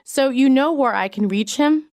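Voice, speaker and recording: A woman with a fairly high voice reads English practice sentences one after another, measured and evenly paced. The sound is close and dry, with no room around it. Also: a little mellow, no room sound. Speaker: English lesson reader. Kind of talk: reading practice sentences aloud.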